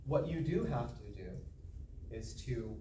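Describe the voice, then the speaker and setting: A man's voice: mid-range voice, animated, unhurried. A man presenting a speaking-skills training talk to a small group, conversational and joking but earnest. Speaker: workshop presenter. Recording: echoey room, from far off, background noise.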